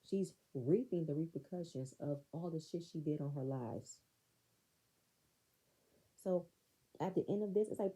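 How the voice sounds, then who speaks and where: A woman's voice: deep voice, measured pace, pauses often, dark tone, husky, rough recording. A woman recapping a reality show in blunt, sassy, profane commentary. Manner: blunt, sassy, profane, talks back to the screen.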